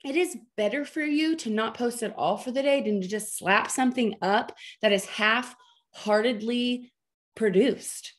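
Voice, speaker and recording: Woman in her thirties, slightly high voice, playful and emphatic team-coaching delivery, heard over a video call. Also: unhurried. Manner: chatty, joking and emphatic, with many "okay?" check-ins. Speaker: team leader training her sales team. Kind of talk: training talk on a video call.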